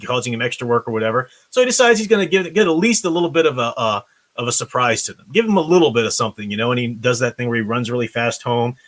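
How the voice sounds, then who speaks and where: A man's voice: medium pitch, fairly bright tone. Earnest rambling man. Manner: rambling and earnest, with many restarts and fillers. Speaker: host. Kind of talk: casual commentary on film and TV.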